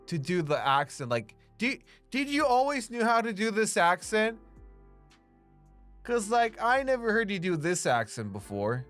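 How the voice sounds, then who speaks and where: A relaxed live streamer talks with viewers while drawing, in an unhurried and clean, resonant voice. The talk is loose and full of "like," with quick laughs and casual swearing. Faint music plays quietly under the voice. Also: mid-range voice. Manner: chatty, laughs often, swears freely, fills with "like". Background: faint background music.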